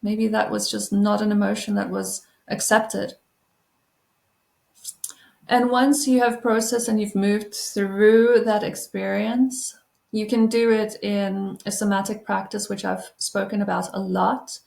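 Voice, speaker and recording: Soothing woman guiding slow breathing. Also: medium pitch, fairly even intonation, vocal fry, roomy sound. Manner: soft, soothing, reassuring. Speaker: trauma-informed healing coach. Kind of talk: gentle guided breathing and self-help talk.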